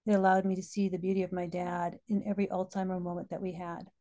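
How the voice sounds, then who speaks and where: A woman's voice: lowish voice, level tone, fast, warm tone, highs cut off. A middle-aged woman hosting a podcast, telling heartfelt personal stories and quoting spiritual texts. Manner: heartfelt storytelling, quoting scripture. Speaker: podcast host.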